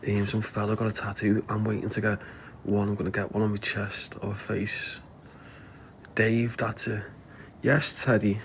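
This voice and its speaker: A man's voice: fairly low pitch, level tone, moderate pace, vocal fry, a little hiss or hum. A man with a Liverpool accent chatting casually to viewers on a livestream, rambling, laughing often and swearing freely.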